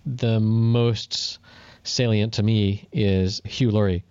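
A man co-hosting a podcast, telling stories in casual chat and jumping up in pitch when he quotes people. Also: slow, clear, resonant tone, dry recording, lo-fi sound. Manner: animated storyteller, jumps up in pitch for quoted voices. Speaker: podcast co-host.

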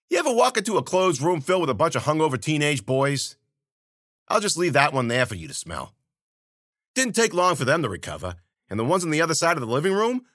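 A man spinning a gritty first-person tale in street slang, turning to the listener with wry asides. His pitch moves a lot and his tone is bright and forward. The mic is close and dry. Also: no echo. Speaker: storyteller and podcast host. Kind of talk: first-person hardboiled storytelling.

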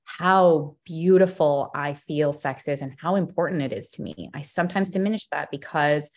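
A young woman talking as a podcast guest, expressive and a bit scattered, often restarting her sentences. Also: deep voice, normal speed. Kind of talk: emotional personal conversation.

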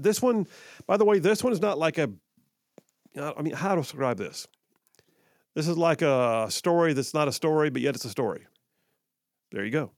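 This radio talk show host's fairly high voice comes through a studio microphone with no room sound. Live on air from the studio, he chats and jokes, often going back over what he's already said.

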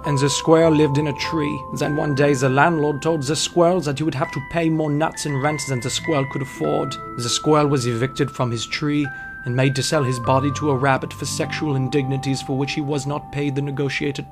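A man voicing a deadpan male bedtime storyteller who reads grim tales in a mock-solemn storybook manner. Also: fairly high pitch, a little fast, music in the background, close to an everyday voice.

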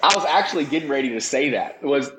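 A man's voice: medium pitch, expressive, fast, fairly bright tone. A man talking as a podcast guest and motivational speaker, emphatic and preacher-like, with rising bursts of intensity. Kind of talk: impassioned motivational talk. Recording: roomy echo, faint background noise.

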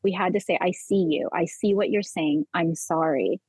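A woman's voice: fairly low pitch, moderate pace, a little mellow, husky, no echo. A woman talking as a podcast guest in a conversational interview. She speaks earnestly about spiritual matters and often repeats words while she gathers her thoughts. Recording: dull lo-fi sound.

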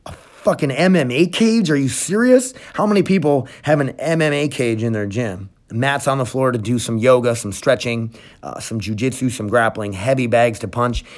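A man hosting his own podcast, talking casually and bluntly with frequent swearing, switching from hyped gym promotion to quieter personal reflection. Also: mid-range voice, moderate pace, hardly any pauses. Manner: blunt, profane, energetic then reflective. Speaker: podcast host. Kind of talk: casual solo podcast talk.

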